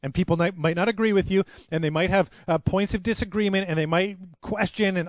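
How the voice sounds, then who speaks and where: Earnest, fairly high-voiced male pastor preaching. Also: a little fast, hardly any pauses, dry recording. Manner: earnest, conversational preaching with frequent restarts. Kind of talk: sermon.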